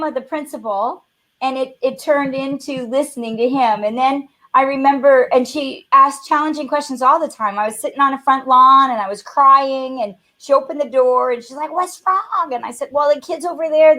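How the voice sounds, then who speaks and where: A woman, a motivational speaker telling a childhood story in a webinar conversation and acting out the voices in it. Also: high-pitched. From Canada. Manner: animated, acts out voices in her stories.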